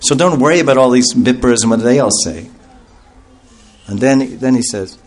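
A man telling a devotional story to an audience in a lively, animated way, laughing often and breaking into loud chanted calls. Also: mid-range voice, normal speed, pauses often. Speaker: storytelling speaker at a devotional class.

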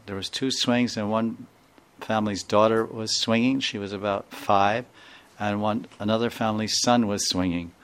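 A man speaking as a spiritual teacher, giving a devotional talk full of storytelling and repeated phrases. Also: on the low side. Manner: warm storytelling with repeated phrases and quoted dialogue.

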